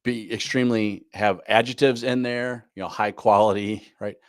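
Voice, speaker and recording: With a fairly low, steady voice at a moderate pace, this business coach leads a live online goal-planning class. Key points get repeated, often capped with "right?", and the recording is dry and studio-clean.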